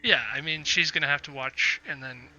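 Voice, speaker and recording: Game master guy rambling with lots of ums, bright crisp voice, kinda muffled stream audio. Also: a little high, fairly quick. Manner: rambling, with many fillers. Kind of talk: running a tabletop game.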